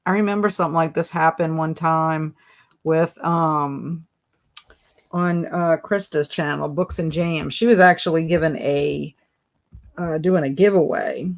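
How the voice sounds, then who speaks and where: A woman hosts a live stream in an unhurried, drawn-out way. She chats casually, reads viewers' comments aloud and keeps dissolving into giggles. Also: low-pitched, fairly even intonation. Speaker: livestream host.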